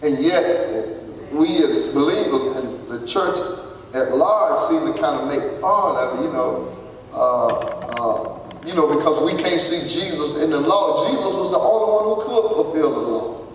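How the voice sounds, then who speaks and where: A man preaching a sermon as pastor, animated, repeating "listen" and swinging from loud to soft. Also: on the high side, unhurried, slight background noise. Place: church sanctuary. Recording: echoey church hall from far off.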